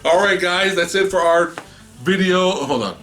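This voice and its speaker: Co-hosting a movie collecting channel video, a man who's tipsy on beer chats casually, giggling, cursing and stumbling into restarts. His voice sits high, slightly bright and unhurried, with faint music in the background.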